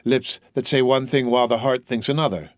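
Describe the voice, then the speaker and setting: A man's voice: medium pitch, steady tone, a little fast, dry recording, studio quality, close to an everyday voice. A man doing an earnest young sailor. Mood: polite. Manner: earnest and emotional. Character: young male sailor, earnest, devoted son.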